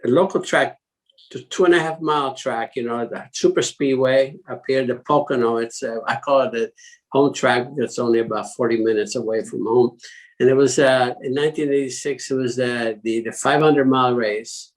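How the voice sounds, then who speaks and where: A man's voice: mid-range voice, steady tone, normal speed, rough recording. Chuckling man in his 80s. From Italy. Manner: chuckling, rambling with many restarts. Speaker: guest. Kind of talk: casual anecdotal storytelling.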